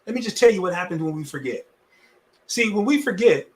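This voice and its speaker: Animated preaching man, slightly high voice. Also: a little fast. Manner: lively preaching with wide swings between loud and hushed; folksy, repetitive phrasing. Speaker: pastor. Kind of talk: sermon.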